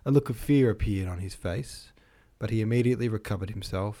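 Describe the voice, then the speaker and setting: A man giving a relaxed, informal reading of a classic novel, stumbling on long words and rereading them. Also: fairly low pitch, fairly quick, creaky, hardly any pauses, slightly rough. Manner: chatty asides between passages. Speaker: reader.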